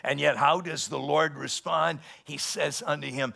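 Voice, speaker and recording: Man, pastor, sermon, gravelly, bright tense tone, animated preaching. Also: on the high side, unhurried. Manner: animated preaching, rising loud for quoted scripture.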